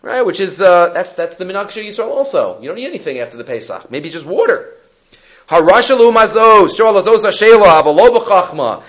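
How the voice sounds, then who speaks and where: A man gives a Torah class in a high, lively voice, acting out the sons' questions and mixing in Hebrew terms. The recording sounds dull and lo-fi. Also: fairly quick. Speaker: rabbi teaching a Haggadah class.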